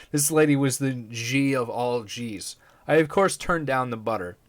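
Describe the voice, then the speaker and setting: A man's voice: mid-range voice, slow pace. A man hosting a podcast, talking casually in a rambling, profane, laid-back way. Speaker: podcast host. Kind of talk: casual chat.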